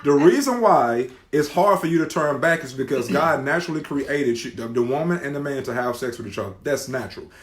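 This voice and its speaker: A middle-aged man co-hosting a faith talk show, loud and animated, preaching in casual talk. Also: mid-range voice, fairly quick, few pauses. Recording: roomy echo.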